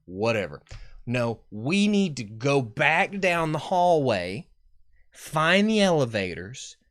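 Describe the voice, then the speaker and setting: Sarcastic, swearing horror-movie host. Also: male voice, medium pitch, a bit bright. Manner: sarcastic and exasperated, swearing, with acted-out quotes. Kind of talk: casual movie recap rant on a live chat.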